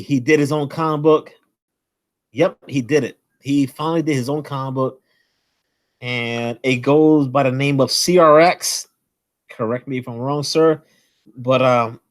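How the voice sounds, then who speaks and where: Excited rambling male channel host. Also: medium pitch. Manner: enthusiastic, rambling, hypes up small channels; admits to nerves, pauses to breathe. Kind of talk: casual channel shout-out monologue.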